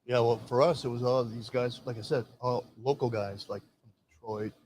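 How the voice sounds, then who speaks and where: A man's voice: medium pitch, steady tone, normal speed, a little mellow. Older man, veteran guest, rambling anecdotes, light background noise. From Michigan. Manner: rambling storyteller, acts out quoted dialogue. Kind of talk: casual storytelling.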